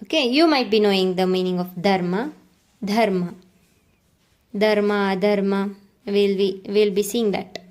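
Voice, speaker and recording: A woman's voice: mid-range voice, unhurried, pauses often, darkish tone. A woman teaching a language lesson, repeating words and checking in with "okay" and "right.". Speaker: Kannada teacher. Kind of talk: slow explanatory lesson.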